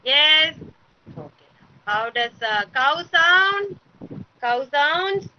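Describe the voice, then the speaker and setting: A woman's voice: sits high, sing-song, extremely slow, muffled recording. A woman teaching kindergarten children over a video call, giving encouraging commands, chanting drills and repeating praise. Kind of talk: online class instruction.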